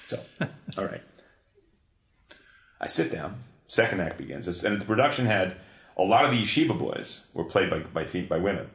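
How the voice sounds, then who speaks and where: A man in an interview, telling a long story in an animated, profane way, full of restarts. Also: low voice, normal speed. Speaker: guest, comics creator. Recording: echoey room.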